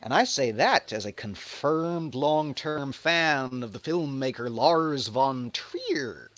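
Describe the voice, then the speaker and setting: A sardonic, profane man hosting a casual livestream. He speaks slowly and unhurriedly, and his pitch rises and falls widely as he mocks. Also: animated, a bit bright, no room sound. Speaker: host.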